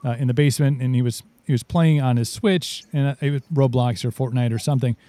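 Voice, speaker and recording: A man chatting casually as a talk show host, telling stories in an animated way and acting out the quotes. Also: medium pitch, fast, no room sound. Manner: animated storyteller, acts out quotes. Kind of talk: casual chat.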